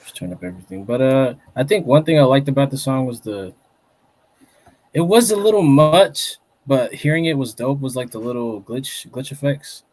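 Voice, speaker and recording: A man's voice: medium pitch, expressive, moderate pace, a little mellow. Blunt man giving track feedback. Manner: blunt, hesitant restarts. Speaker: co-host reviewing listener tracks. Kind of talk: casual chat.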